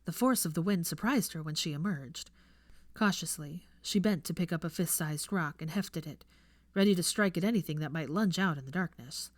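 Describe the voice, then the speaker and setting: Hushed, measured woman narrator. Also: on the low side, no echo. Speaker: fan fiction reader. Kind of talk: audiobook narration.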